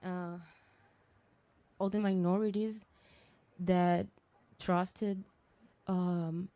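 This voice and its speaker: A woman gives personal testimony as a guest speaker, talking slowly and haltingly as she searches for words and keeps restarting sentences. Her low, dark voice has a flat, even delivery. The sound is dry and close, with no echo.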